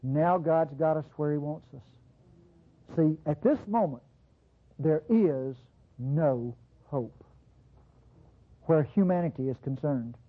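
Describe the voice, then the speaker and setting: A preacher delivering a sermon, talking straight to the congregation and swinging from low, close asides to sudden high bursts. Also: takes it slowly, pauses often, slightly rough. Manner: addresses the congregation directly with call-outs. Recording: tinny lo-fi sermon recording.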